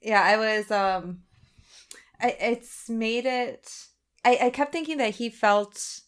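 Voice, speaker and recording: Female co-host, smooth voice, hesitant think-aloud delivery. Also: on the high side, slow pace. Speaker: podcast co-host. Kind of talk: casual film discussion.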